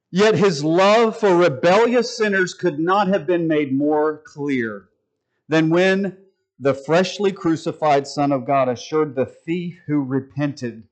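A man's voice: fairly high pitch, rough recording. A man preaching a sermon from the pulpit, folksy and joking with the congregation. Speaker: pastor. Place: church sanctuary.

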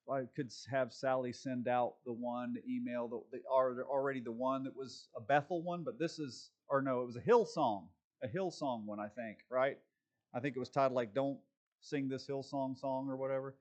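A man's voice: mid-range voice, normal speed. A man, a pastor, giving casual commentary with impassioned, sarcastic asides.

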